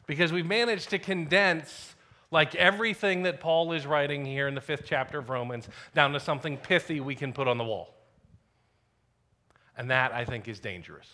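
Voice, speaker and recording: A man preaching a sermon as the pastor, telling a personal story in a conversational way and dropping to quiet asides. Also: on the high side, normal speed.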